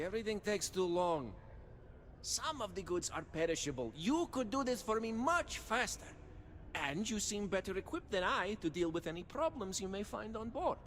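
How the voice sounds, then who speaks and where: Game trader NPC, with an odd mixed accent, fairly high and animated, formal sales patter. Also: male voice, in a large hall, slight background noise. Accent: unplaceable mix from life among ships. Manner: formal, avoids contractions, salesman's charm. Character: chatty smooth-talking male space trader. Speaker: shopkeeper and trader. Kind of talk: video game dialogue.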